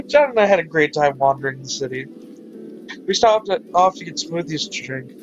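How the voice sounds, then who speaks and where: A man hosting a let's-play, reading a visual novel aloud with animated, reactive commentary. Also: on the high side, highs cut off. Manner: animated, laughs and reacts loudly.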